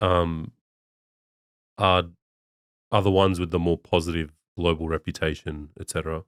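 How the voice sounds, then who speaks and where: A man's voice: low voice, flat delivery, moderate pace, a bit bright, dry recording, studio quality. A man hosting a podcast, chatting casually and asking curious follow-up questions. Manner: inquisitive, asks follow-up questions. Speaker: podcast host. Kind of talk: casual conversation.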